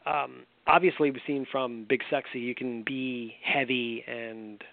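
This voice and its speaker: A man's voice: medium pitch, steady tone, measured pace, vocal fry, no room sound. A man hosting a casual sports talk show, laughing often and restarting his words. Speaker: podcast host. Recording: tinny phone-line sound, dry.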